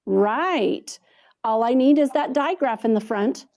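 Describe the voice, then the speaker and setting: Woman reading teacher, slightly high and warm, unhurried sound-by-sound phonics demo with steady praise. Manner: slow, drawn-out sounding out of words with frequent praise. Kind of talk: modeling a phonics lesson for kids. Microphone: video call.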